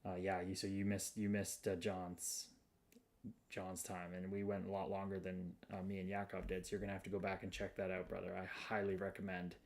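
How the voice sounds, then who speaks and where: A man's voice: deep voice, monotone, brisk, gravelly, a little mellow. A man hosting a casual livestream, greeting viewers by name and reading their comments in an upbeat, spiritual way. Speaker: livestream host.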